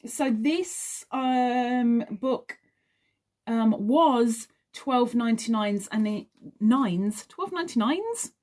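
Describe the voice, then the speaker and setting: A woman speaks slowly and casually as she reviews a craft magazine. She reads passages aloud and then drifts into chatty, meandering asides. Her pace stays unhurried throughout. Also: on the high side, dark tone. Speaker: crochet vlogger.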